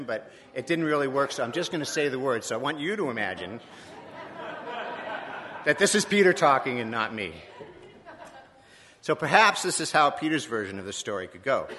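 A man from Virginia gives a sermon in a church. He talks in a reflective, conversational way and corrects himself as he goes, with a bright, forceful tone and lively swings in pitch. His voice carries a long reverb. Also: normal speed, pauses often. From Virginia, USA. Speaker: preacher.

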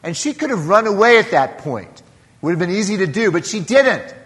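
A man's voice: sits high, very animated, a little fast, a bit bright, long reverb tail. A man preaching a sermon as a priest, earnest and teaching, acting out the dialogue of a scripture story.

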